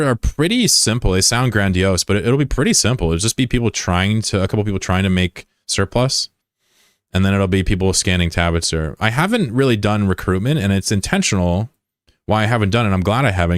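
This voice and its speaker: During a casual live stream, a man playing a game reads viewer messages, greets people and teases them in slang. He speaks fairly quickly in a lowish, sing-song voice, with clean studio sound and no echo.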